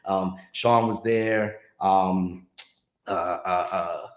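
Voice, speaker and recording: A man telling a story in casual chat, animated and acting out other people's lines. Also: deep voice, extremely slow. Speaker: podcast guest, music industry veteran. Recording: roomy echo.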